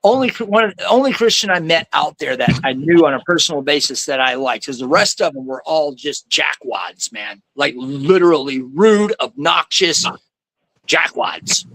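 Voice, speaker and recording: A man's voice: a little high, expressive, normal speed, a bit bright, dry recording. A man telling his faith testimony as a guest, in a rambling, slangy way, often saying "man" and "like". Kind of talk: casual storytelling.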